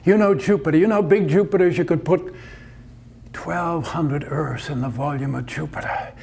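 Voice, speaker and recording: A man's voice: fairly high pitch, moderate pace, creaky, a little mellow, slightly rough. A man playing a brash male astronomer who lectures emphatically and insists on being understood, in a told story. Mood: excited.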